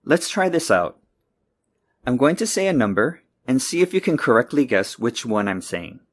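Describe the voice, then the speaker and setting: A man teaching pronunciation in a scripted lesson. He speaks clearly and deliberately at a middle pitch and slows down to model each word. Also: sing-song. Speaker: English teacher.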